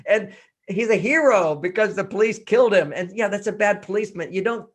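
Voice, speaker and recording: A man's voice: sits high, fairly quick. A man in his sixties from Texas, speaking as a guest author in an interview, emphatic and acting out quoted voices. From Texas, USA. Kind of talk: interview talk.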